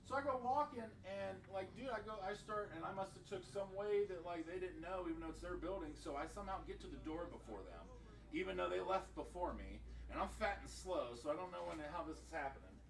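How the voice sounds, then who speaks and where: A man's voice: sits high, lively intonation, a little fast, gravelly. A man who owns a game store, telling a heated story in casual chat and swearing freely. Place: shop, indoors. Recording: roomy, distant mic, faint background noise.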